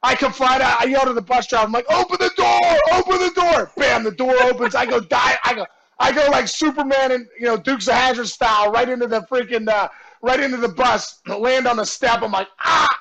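A man being interviewed, telling a story with animated energy, shouting out the punchlines, acting out other people's voices, and laughing often. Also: very high-pitched, a little fast, vocal fry, rough recording. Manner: lively, acts out quoted voices and shouts punchlines; laughs often, warm and effusive. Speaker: guest, former baseball player. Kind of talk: animated storytelling in casual chat.

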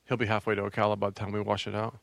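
Quick-talking radio co-host dude cracking jokes, dry studio mic. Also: male voice, lowish voice, monotone, vocal fry, fairly bright tone, dry recording. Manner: wisecracking, asking questions. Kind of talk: casual studio banter.

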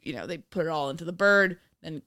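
A woman co-hosting a podcast in loose, casual chat. She giggles a lot and rambles through fillers in a bright, crisp voice, and the sound is close and dry. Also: deep voice, quick pace, dry recording. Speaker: podcast co-host.

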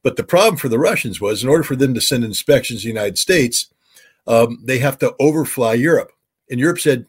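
In a husky, mid-range voice, this ex-weapons inspector provides expert commentary as a guest. He fills his speech with hesitations, yet grows animated when relaying what others said.

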